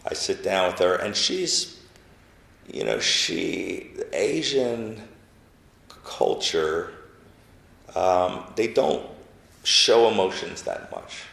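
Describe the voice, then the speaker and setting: Low gravelly man telling his story. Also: animated, echoey room. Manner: halting, emotional, many restarts, drops to a soft voice when quoting. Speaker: interview guest. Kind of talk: personal storytelling interview.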